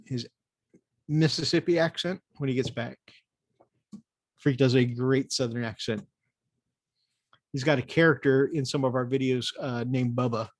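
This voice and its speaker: A male livestream host chatting loosely, circling back on his words with plenty of hesitation. His voice sits mid-pitch and the sound is close and dry. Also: moderate pace, long pauses, no echo. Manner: rambling, many fillers and restarts. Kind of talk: casual livestream chat.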